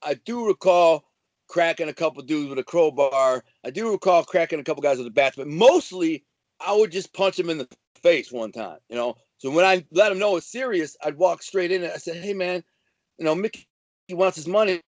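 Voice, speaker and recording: High-voiced man telling swaggering tales. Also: a little fast, no echo. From Detroit. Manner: swaggering, animated, profane. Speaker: guest. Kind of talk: casual storytelling.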